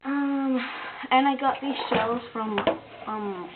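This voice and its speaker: Young woman, higher voice, slow rambling chat, giggly, tinny hissy webcam audio. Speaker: vlog co-host. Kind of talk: casual chat.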